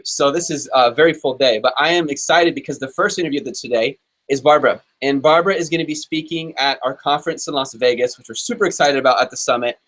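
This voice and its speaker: A man from Texas hosting a live interview show, talking in an upbeat, chatty way with quick asides. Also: fairly high pitch, a bit bright. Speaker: host.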